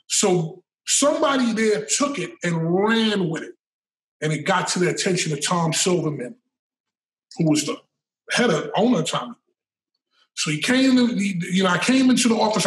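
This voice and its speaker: A middle-aged man telling his story as an interview guest, animated, emphatic and full of swearing. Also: sits high, normal speed. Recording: echoey room, mic at a distance.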